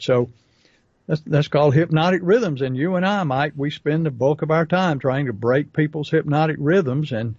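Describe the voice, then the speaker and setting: Man, business coach on a podcast, folksy and chatty, somewhat high pitch, dull close-miked audio. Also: normal speed, darkish tone, no echo. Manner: folksy storytelling with acted asides. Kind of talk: casual podcast talk.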